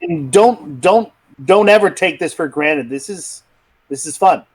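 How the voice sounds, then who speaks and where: A man's voice: on the high side, animated, a little slow, slightly rough. A man in his thirties chatting casually on a video call, laid-back, swearing freely and laughing often. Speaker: podcast guest. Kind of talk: casual chat.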